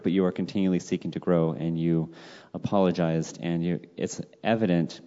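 Young adult son, very low voice, earnest; muffled, echoing track. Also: male voice, steady tone, normal speed, few pauses, warm tone. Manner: earnest and grateful. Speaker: adult son and podcast guest. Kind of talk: casual conversation. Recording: dull recording with long reverb.

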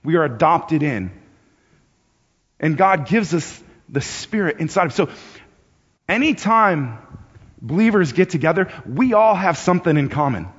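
A man's voice: on the high side, sing-song, a little slow, pauses often, slightly rough. A man preaching a sermon in a conversational way, often repeating words as he goes, and pushing his voice up when he acts out urgent appeals. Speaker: pastor. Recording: dull sound with long hall reverb.

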